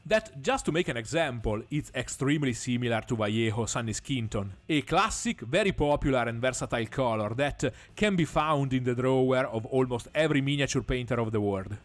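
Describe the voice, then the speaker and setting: A man giving a scripted painting tutorial, measured and explanatory, with frequent small pauses and the odd dry aside. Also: mid-range voice.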